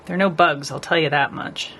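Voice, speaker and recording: A woman's voice: deep voice, fairly even intonation, moderate pace, a bit bright, slight background noise. A woman nail artist chatting casually with her live stream viewers as she paints, rambling and talking to the chat.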